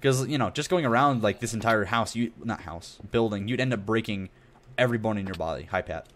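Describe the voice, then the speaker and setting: A man's voice: on the low side, a little fast, fairly bright tone, a little hiss or hum. A young man streaming a building game, chatting in a rambling, self-deprecating way with lots of asides. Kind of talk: casual gameplay commentary.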